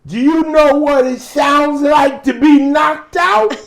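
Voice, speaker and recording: A man voicing a brash, cocky middle-aged boxer who boasts and shouts. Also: very high voice, takes it slowly, creaky, voice pushed up, heavily acted. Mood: deadpan.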